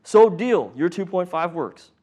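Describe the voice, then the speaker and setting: A man's voice: high voice, unhurried. A man teaching a paramedic training class in a casual, joking way, quizzing the room and acting out patients. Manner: joking, animated, acts out patient and monitor voices. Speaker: paramedic instructor.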